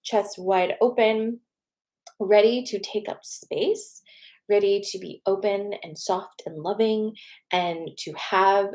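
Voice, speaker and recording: A woman's voice: medium pitch, steady tone, takes it slowly, darkish tone. A woman hosting a casual card reading, chatty and encouraging, often checking in with okay and right. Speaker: tarot card reader and host.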